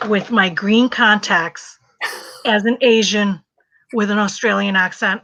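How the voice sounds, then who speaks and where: A woman hosting a casual live chat, telling an animated story, laughing often and searching for words. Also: medium pitch, measured pace, dry recording, rough recording. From refugee from a communist country, raised in the US. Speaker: host.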